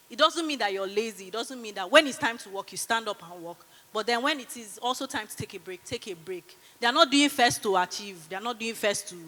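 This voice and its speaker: A woman's voice: medium pitch, big-room sound. A Nigerian woman in her thirties giving a chatty motivational conference talk and leading a breathing exercise. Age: 30s. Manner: lively, chatty, teasing the audience. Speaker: conference speaker. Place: large conference hall.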